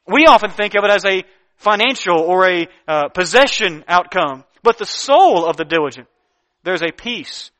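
A man preaching a sermon, reading Bible verses slowly and deliberately and then explaining them in earnest, plain talk with emphatic repeated lists. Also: high-pitched, a bit bright. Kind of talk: sermon teaching from Proverbs.

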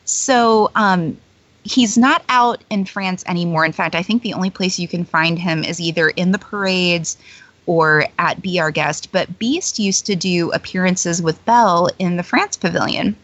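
A woman's voice: on the low side, unhurried, fairly bright tone, no echo. A woman who is a guest on an interview show, telling anecdotes in chatty, casual talk full of fillers and frequent laughter. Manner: chatty storyteller, many fillers, laughs often. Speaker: guest, former theme-park character performer. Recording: dull lo-fi dry recording.

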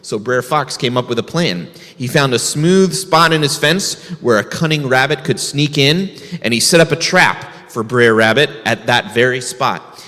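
A man's voice: mid-range voice, pushed and bright, big-room sound. A man, a rabbi, telling a folk tale to children in a folksy way, asking the kids questions. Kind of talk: storytelling to children.

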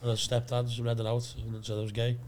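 A man's voice: medium pitch, completely flat delivery, fast, darkish tone. A man who is a comedian and a podcast guest, telling jokey stories in casual banter. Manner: chatty, jokey storyteller.

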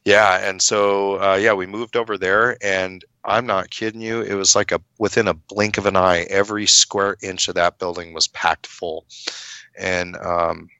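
A middle-aged man telling a long story in casual chat, animated, acting out the people he quotes and swearing freely. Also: low voice, a little slow, clear, resonant tone, dry recording. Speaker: guest telling his story.

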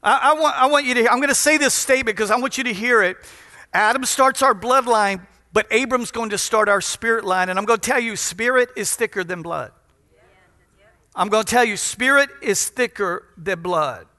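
A middle-aged pastor from Louisiana, USA, preaches a sermon before a congregation in a large church, joking with and teasing them between emphatic points. His voice is very high-pitched, pushed and bright, at a moderate pace, recorded in a reverberant church hall.

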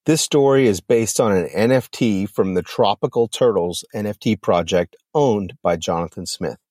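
A man hosting a podcast and narrating a story in an expressive, dramatic manner. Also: on the low side, normal speed, dry recording, clean studio sound. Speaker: podcast host.

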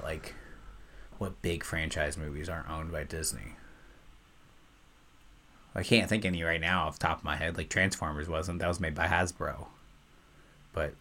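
A man chatting on a comedy podcast, ranting in an animated, profane way. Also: rumbling low, normal speed, long pauses, slight background noise. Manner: animated, profane, ranting with loud acted outbursts. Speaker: podcast guest. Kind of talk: casual comedy podcast chat.

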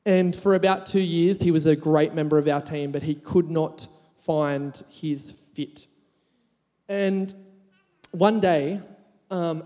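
A high, warm-toned man preaches to his congregation in a chatty, storytelling way. His voice carries a long reverb from a large church hall. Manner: chatty, laughing, rising to emphatic. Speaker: pastor. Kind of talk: sermon with storytelling.

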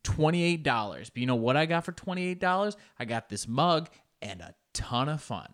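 Man, comedian, solo podcast host, casual monologue, rambling, self-deprecating, swears a lot, sudden high-pitched emphasis, at home. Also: very animated, moderate pace. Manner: rambling, joking and self-mocking, with frequent swearing. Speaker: comedian hosting his own podcast.

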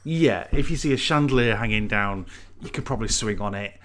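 A man's voice: fairly low pitch, fairly quick, a bit bright, slight background noise. A man, co-hosting a casual chat and explaining things at length with fillers.

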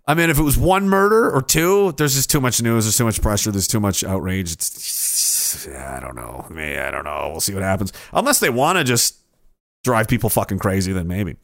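Rambling, profane livestream host. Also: male voice, mid-range voice, expressive, brisk, fairly bright tone, no echo, clean studio sound. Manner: rambling, profane and cynical, with frequent restarts. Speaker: livestream host reading viewer comments. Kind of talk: casual livestream chat.

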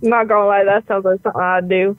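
A woman's voice: mid-range voice, fairly even intonation, fast, dry recording. A woman on a phone call, answering in a blunt, skeptical way. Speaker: prank call target. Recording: tinny phone line.

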